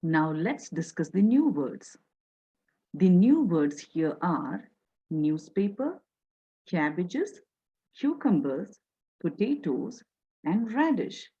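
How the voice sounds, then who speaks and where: A woman teacher with an Indian English accent talks children through a story lesson, slow and very lively in pitch. Her voice is a little husky, and the recording sounds dull and lo-fi. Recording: dull lo-fi audio.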